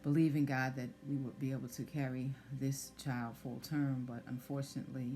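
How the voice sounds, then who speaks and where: A woman sharing a personal testimony in conversation, soft-spoken and hesitant with many fillers. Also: very deep voice, flat delivery, brisk. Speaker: guest sharing pregnancy loss story.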